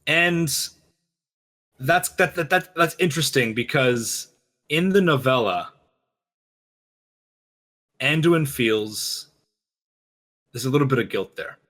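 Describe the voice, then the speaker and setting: A man co-hosting a game lore reaction show, talking fast and animatedly, acting out quoted lines. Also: mid-range voice, lively intonation, fairly bright tone. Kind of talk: casual chat, lore analysis.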